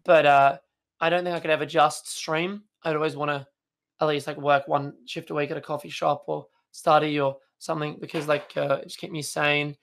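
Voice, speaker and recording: A man's voice: on the high side, level tone, a little fast, gravelly, fairly bright tone. A young man, a streamer, talking in a casual chat, rambling and hesitant with lots of fillers. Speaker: streamer guest.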